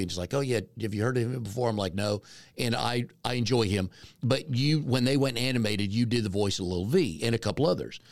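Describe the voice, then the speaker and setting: Low-voiced man hosting a chat show. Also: no room sound, studio quality. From North Carolina. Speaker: podcast host. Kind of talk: casual interview chat.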